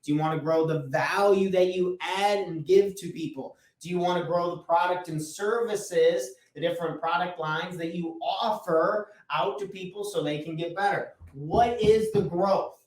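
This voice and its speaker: Male business coach, bright higher voice, casual motivational delivery with mild swearing, recorded from a distance. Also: moderate pace, few pauses. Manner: repeats key points for emphasis. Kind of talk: motivational talk to camera. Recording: echoey room, mic at a distance.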